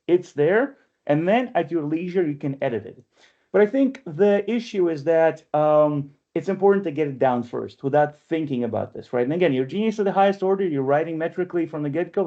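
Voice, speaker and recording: A man with a slightly high, animated voice, both workshop leader and press editor, guides an online poetry workshop in a chatty, lecturing way. He checks in often with "right?" and reads verse aloud slowly and deliberately over a webinar computer mic, the audio dull and lo-fi.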